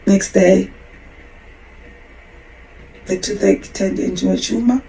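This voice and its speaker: A woman's voice: mid-range voice, steady tone, slow, dark tone, slight background noise, low-quality recording. A woman in her forties hosting a podcast, telling a personal story in a candid, emotional, rambling way with frequent restarts. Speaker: podcast host.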